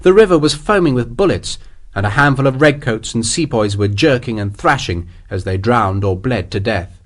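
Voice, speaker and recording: Expressive male audiobook narrator. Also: medium pitch, normal speed. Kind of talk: scripted narration.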